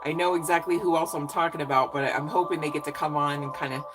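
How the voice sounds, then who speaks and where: A woman's voice: low voice, steady tone, fast talker, background noise. A woman giving a casual live psychic reading, effusive and encouraging, chatty with lots of fillers. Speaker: psychic reader.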